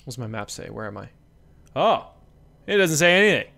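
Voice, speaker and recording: A young man giving casual let's-play commentary, swinging between excited yelps and hushed murmurs, swearing casually and coaxing his in-game kids along. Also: medium pitch, moderate pace, creaky.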